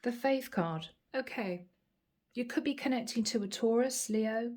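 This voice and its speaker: A woman with a fairly high, mellow voice gives a channeled tarot reading. She talks in a calm, reassuring way and speaks straight to the listener. She repeats key phrases to let them sink in. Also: unhurried, slight background noise. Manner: addresses the listener directly by sign. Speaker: tarot reader.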